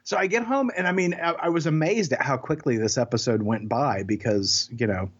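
A man co-hosting a podcast in casual chat, jokey and animated, often restarting his sentences. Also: mid-range voice, fairly quick, slightly rough, highs cut off. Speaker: podcast co-host.

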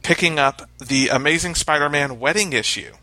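A man's voice: fairly high pitch, moderate pace, faint music behind, poor audio. A man chatting casually and rambling a little as he remembers his school days. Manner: relaxed rambling with fillers. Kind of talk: casual chat.

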